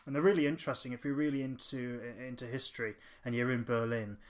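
A man's voice: mid-range voice, steady tone, fast talker. A man in casual podcast chat, telling a long story with lots of fillers and restarts. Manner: rambling anecdote with fillers and restarts. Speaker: podcast co-host.

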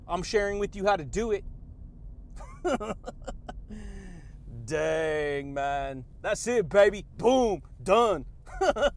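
A man giving an upbeat motivational talk, full of slangy asides and frequent laughter. His voice sits high for a man and stays lively throughout. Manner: energetic, slangy, laughs often. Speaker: podcast host.

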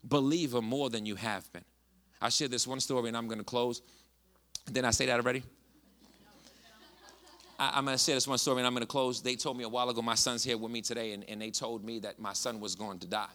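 Guy pastor preaching, bright tense voice, goes from quiet to really loud, lots of restarts. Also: medium pitch, steady tone, fast, pauses often. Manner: passionate, swings from hushed to loud; conversational with restarts and asides. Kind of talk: preaching a sermon with a personal story.

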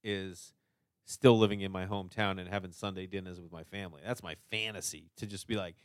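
A man with a Boston accent, a stand-up comic chatting casually as a podcast guest, animated and swearing freely. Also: deep voice, brisk, dry recording. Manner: animated storyteller, swears, lots of "you know what I mean".

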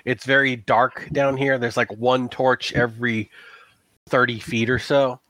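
A man's voice: medium pitch, level tone, unhurried, fairly bright tone, dry recording. A man narrating a tabletop game as game master in a casual, rambling way, with lots of "like" and "um.".

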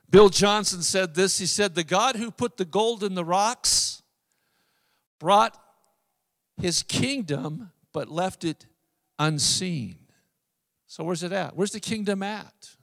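A man with a high voice preaches a sermon with emphatic, drawn-out phrasing, repeating key lines. His voice rings with a long reverb, as in a large hall. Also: creaky, a bit bright. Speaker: pastor.

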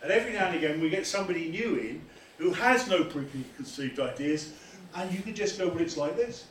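A man preaching a lively sermon as pastor, acting out quoted voices as he goes. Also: a little high, brisk, a little hiss or hum. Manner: animated, acts out quoted voices. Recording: echoey room from far off.

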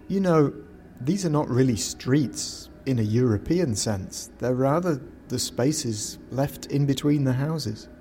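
A man's voice: mid-range voice, mellow, a little hiss or hum, lightly acted. A man playing a young, elegant male journalist who talks in a friendly, reassuring way.

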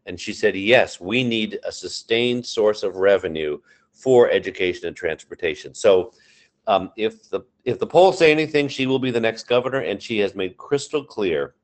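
A man answering interview questions as an education union advocate, earnest, with frequent fillers and restarts. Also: deep voice.

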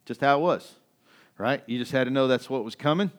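Talking a little fast, a male pastor preaches in a casual, conversational manner. Frequent laughter marks the sermon, which shifts from loud, excited outbursts to hushed, low passages.

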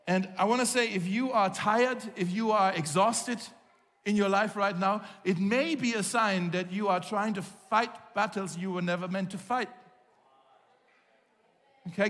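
High-voiced pastor preaching in a reverberant hall. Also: male voice, normal speed. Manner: storytelling, animated, acts out quoted voices. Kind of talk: sermon. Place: church hall. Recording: long reverb of a large hall.

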